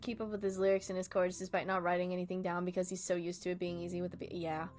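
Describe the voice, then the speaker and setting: A woman's voice: lowish voice, level tone, fast, darkish tone, faint music behind. A young woman streaming and chatting casually, rambling from thought to thought, laughing often and swearing freely.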